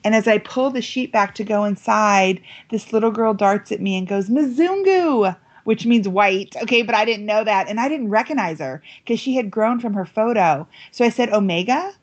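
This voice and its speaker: A middle-aged American woman, a guest telling a story in a lively way, jumping up in pitch when she quotes people. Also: normal speed, few pauses, lo-fi sound. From United States. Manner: lively, quotes voices with big pitch jumps. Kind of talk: animated storytelling.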